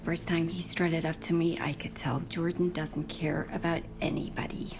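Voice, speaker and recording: An actress playing a blunt, hard-edged sheriff who speaks in a dry, cutting way. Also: female voice, low-pitched, flat delivery, moderate pace, whispered.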